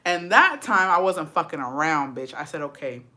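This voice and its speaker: A woman hosting her own livestream and telling a story in a brash, profane, sassy way, talking straight to her viewers. Her voice sits a little low yet sounds sharp and bright. She drops Spanish phrases into her English. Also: very animated, normal speed. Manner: brash, profane and sassy, calling listeners "bitch" and "besties". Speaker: livestream host.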